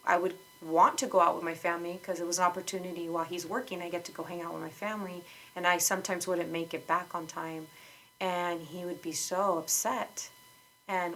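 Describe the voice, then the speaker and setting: A woman's voice: on the low side, steady tone, brisk, a bit bright, low-quality recording. A woman guest on a podcast, candidly telling her own story in conversation, outspoken and frank, with lots of fillers and restarts.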